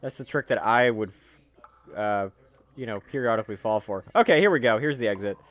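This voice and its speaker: A man's voice: lowish voice, a little fast. Chatty, jokey man commenting on a game. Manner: chatty and jokey, with loud excited outbursts. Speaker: let's play commentator. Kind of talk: casual video game commentary.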